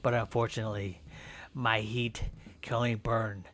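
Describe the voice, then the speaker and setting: A man's voice: fairly low pitch, little pitch movement, normal speed, fairly bright tone. A man giving casual gameplay commentary with playful, goofy mock trash talk.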